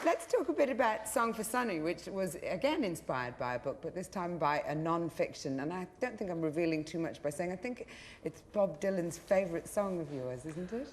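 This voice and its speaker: A woman's voice: on the low side, lively intonation, a little fast, a faint crowd, a little hiss or hum. A woman hosting a radio interview, asking questions in a playful, teasing way. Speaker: radio host. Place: radio studio.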